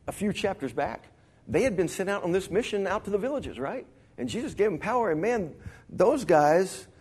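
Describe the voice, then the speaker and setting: A man's voice: sits high, slightly rough. A middle-aged man from the Texas Panhandle, a pastor preaching a sermon in a folksy storytelling way, now and then acting out other people's voices.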